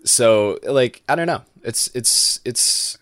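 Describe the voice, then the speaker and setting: A man's voice: medium pitch, lively intonation, takes it slowly, fairly bright tone, no echo, studio quality. A man chatting casually as a podcast host, rambling with lots of restarts and laughs. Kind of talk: casual chat.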